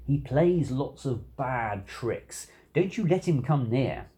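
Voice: medium pitch, sing-song, slow, dark tone. A storybook reader voicing a young girl who scolds and warns. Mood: worried.

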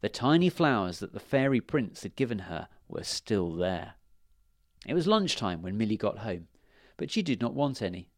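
A man reading fairy tales aloud to children in a lively, expressive way. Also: on the low side, normal speed, no room sound, clean studio sound. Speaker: storyteller.

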